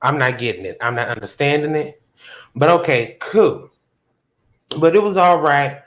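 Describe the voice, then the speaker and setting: A man hosting a casual livestream chat, telling a story from work in an animated way and jumping high in pitch when he quotes himself. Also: moderate pace. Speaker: podcast host. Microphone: phone on a hotspot.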